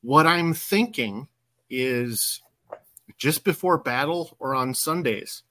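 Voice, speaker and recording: A man's voice: mid-range voice, takes it slowly, fairly bright tone, no room sound. A man co-hosting a paranormal show, offering thoughtful ideas in casual chat. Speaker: podcast co-host.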